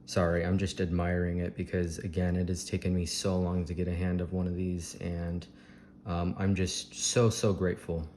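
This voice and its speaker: A man with a Texan accent, vlogging a fruit tasting at home in a slow, dreamy, gushing way with many ums. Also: sits low, little pitch movement, darkish tone. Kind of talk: casual food tasting vlog. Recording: echoey room with faint ambient hiss.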